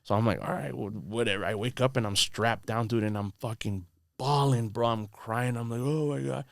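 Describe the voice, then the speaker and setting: A man's voice: lowish voice, moderate pace, no echo. A man, a podcast guest in a studio, telling a rambling story in casual slang full of "dude" and "bro".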